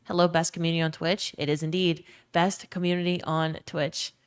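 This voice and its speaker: A woman's voice: lowish voice, flat delivery, fairly quick, clear, resonant tone. A young woman from Louisiana with a faded Southern accent, chatting casually on a live stream, swearing freely and greeting viewers by name. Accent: faded Southern American.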